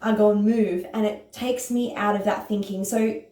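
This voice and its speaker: A woman speaks in a casual, earnest self-help talk, at a middling pitch for a woman. Her pace jumps when she gets excited, and then she deliberately slows down. The room around her is echoey. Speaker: yoga teacher and author.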